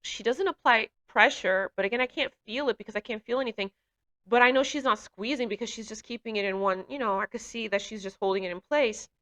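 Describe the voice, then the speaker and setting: Bright-voiced woman giving a testimony. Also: on the high side. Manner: earnest, halting, with fillers and restarts; grows emotional while recounting. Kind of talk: personal testimony.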